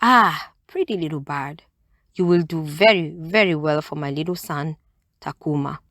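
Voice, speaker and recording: A woman's voice: sits low, normal speed, a bit bright, no echo, clean studio sound. A woman voicing Anansi, an eager trickster spider who coaxes and sweet-talks. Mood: coaxing. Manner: coaxing, sweet-talking.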